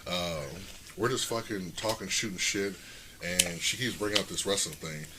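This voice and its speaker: Brief: lower-pitched male podcast guest, loose and profane, spins rambling stories, noisy recording. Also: normal speed. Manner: profane, rambling, laughs often. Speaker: podcast guest, pro wrestler. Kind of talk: casual storytelling chat. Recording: noisy background.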